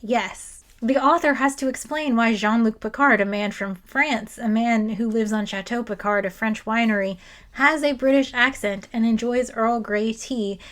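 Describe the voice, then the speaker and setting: Woman video essayist, higher-pitched, sarcastic and exasperated, close mic. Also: normal speed, fairly bright tone. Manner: sarcastic, exasperated, quoting people in mock voices.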